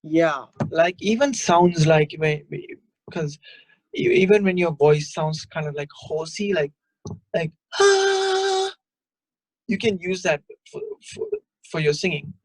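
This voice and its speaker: A man teaching a singing workshop over a video call, explaining in a relaxed, halting way between short sung demonstrations. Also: a little high, dry recording. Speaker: guest vocal coach.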